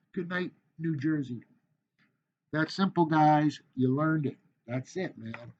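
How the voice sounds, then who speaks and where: A middle-aged man from the United States, a speech teacher giving a lively, jokey classroom lecture. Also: fairly high pitch, slow, muffled recording, a little hiss or hum. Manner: animated, chatty, jokey asides.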